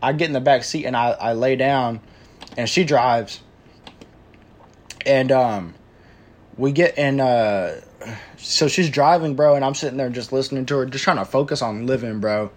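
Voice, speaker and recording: A man's voice: medium pitch, moderate pace, pauses often. A young man casually telling a personal story, full of slang, swearing and "bro", rambling with fillers. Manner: slangy, profane, says "bro" constantly.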